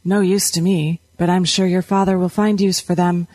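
A woman's voice: fairly low pitch, level tone, normal speed, a little mellow, dry recording, lightly acted. A woman voicing a plump, jovial, stubborn middle-aged wheelwright with folksy, old-fashioned rural speech. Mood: genial.

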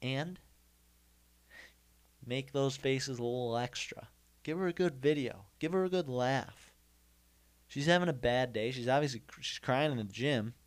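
A young man, a comedian host, tells a comic story in a rambling monologue. His mid-range voice is unhurried, with long pauses, and he repeats himself and throws in mock-indignant asides.

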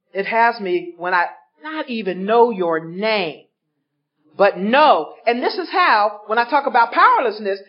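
A woman speaking at a recovery workshop, telling her story to a live audience and acting out the voices of people in it. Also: a little high. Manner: animated, acts out voices in her stories. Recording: dull lo-fi recording.

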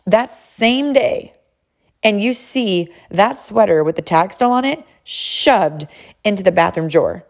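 A woman's voice: medium pitch, very animated, moderate pace, creaky. A woman in her thirties, a mother casually telling a story about her son in an emphatic, chatty way, often calling listeners "y'all".

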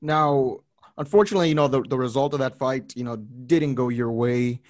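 A man's voice: medium pitch, normal speed, no room sound, studio quality. Man asking rambling interview questions.

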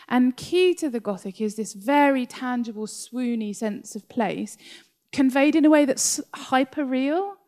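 An English woman author, speaking in an animated interview conversation and often breaking into laughter as she tells stories. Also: on the high side. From England. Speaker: author guest. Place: library talk.

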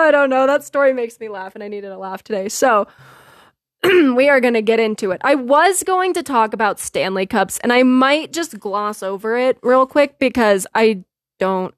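A woman hosting a podcast, telling a funny story in a casual, animated way and often laughing. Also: a little high, normal speed, dry recording, clean studio sound. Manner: animated, laughing often, quotes herself and others. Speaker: podcast host.

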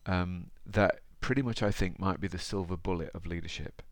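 A man talking straight to his podcast listener in a chatty, easygoing way. His voice sits very low and is rough with fry. The sound is dry and close. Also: moderate pace, no room sound. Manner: chatty, conversational, addresses the listener directly. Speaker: podcast host. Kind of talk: motivational podcast talk with storybook reading.

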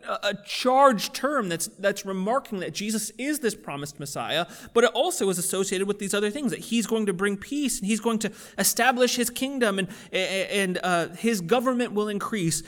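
A man's voice: sits high, expressive, moderate pace, few pauses, fairly bright tone. A man preaching a casual, conversational sermon with plenty of fillers, building in intensity as he goes. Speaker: pastor.

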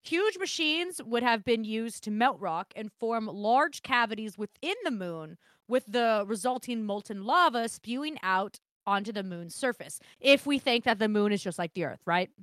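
A woman co-hosting a casual podcast, her fairly high voice bright and bouncing all over the place. She laughs often and trips over words as she reads her notes. The sound is dry and close. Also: animated, moderate pace, few pauses, no echo. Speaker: podcast co-host. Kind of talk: casual chat.

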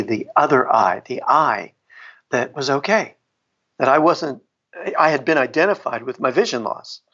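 A middle-aged man, a book author, tells a personal story in a reflective way, laughing often and restarting his sentences. His voice is husky and sits at a middle pitch. The recording sounds dull and lo-fi. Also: fairly bright tone. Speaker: author and guest. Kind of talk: storytelling in a podcast interview.

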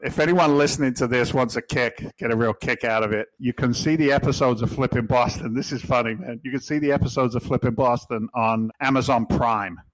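Man, English accent, middle-aged, blunt, swears, jokey storyteller, podcast guest, mid pitch, dry sound. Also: steady tone, a little fast, hardly any pauses, dry recording, rough recording. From England. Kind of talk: casual storytelling.

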